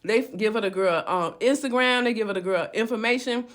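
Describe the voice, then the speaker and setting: A woman's voice: fairly high pitch, fairly quick. A woman casually telling a dramatic story to her viewers, chatty and repetitive, acting out what people said. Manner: chatty retelling with repeated words and acted quotes.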